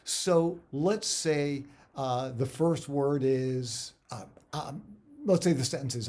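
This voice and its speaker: A man's voice: medium pitch, takes it slowly, darkish tone. A man, an actor and acting coach, speaking conversationally to camera and explaining auditions with examples. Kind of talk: instructional talk to camera.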